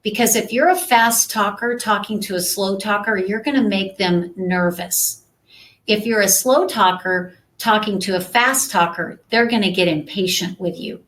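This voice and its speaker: A woman's voice: medium pitch, fairly bright tone, low-quality recording. A woman giving a conversational live-stream coaching talk as a sales trainer, often checking in with her viewers. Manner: conversational, checks in with "right?" and "okay?".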